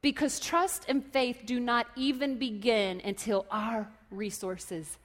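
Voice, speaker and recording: A woman delivers a sermon in a high, bright register, spinning stories and popping into character voices. Her words carry a long reverb from a large church hall. She moves between quiet asides and sudden shouts. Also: takes it slowly. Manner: animated storytelling, acts out voices and shouts. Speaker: preacher.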